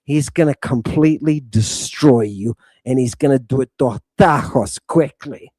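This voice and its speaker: A man's voice: medium pitch, measured pace, darkish tone, slightly rough, dry recording, clean studio sound. A man hosting a livestreamed lecture, combative and emphatic, addressing his audience directly and repeating his points. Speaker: host.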